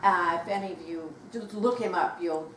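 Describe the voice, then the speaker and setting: Animated older woman telling stories in a room. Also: fairly low pitch, normal speed. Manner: animated, acts out quoted voices, laughs while telling. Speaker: guest author at a book talk. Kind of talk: anecdotal storytelling to a live audience. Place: bookshop event room. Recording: roomy, distant mic, faint noise.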